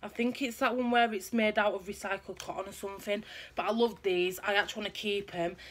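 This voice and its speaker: In a casual home vlog, a young woman rambles through the items in her shopping haul. Her mid-range voice holds a steady tone and runs a little fast.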